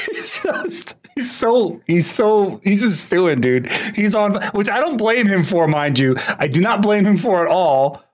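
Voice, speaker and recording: A man doing casual live-stream commentary while reacting to a video, laughing often and teasing. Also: high voice.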